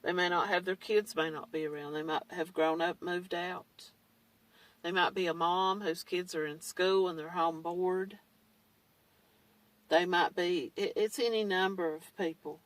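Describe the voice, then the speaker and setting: A woman's voice: on the low side, fairly even intonation, measured pace, no echo, recorded from a distance, rough recording. A woman talking in a blunt, candid way, with mild swearing, in a casual monologue. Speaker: survivor vlogger. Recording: dry, set back from the mic.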